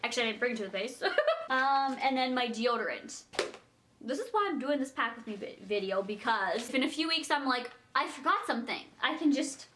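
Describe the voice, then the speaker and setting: A woman's voice: on the high side, lively intonation, fairly quick, noisy background. A young woman chatting casually in a vlog as she packs, rambling and giggling as she talks. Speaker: vlogger.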